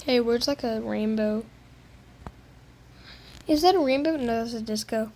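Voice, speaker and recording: Playfully whiny high-voiced woman gamer. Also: measured pace, a little mellow, rough recording. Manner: playfully whiny, fake crying over bad loot. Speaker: gaming video creator. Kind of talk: casual gameplay commentary.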